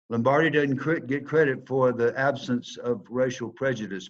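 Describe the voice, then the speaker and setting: Older Southern man, low-voiced storyteller; big swings from loud to near-whisper, dull lo-fi sound. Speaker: speaker telling a personal story. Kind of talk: storytelling talk.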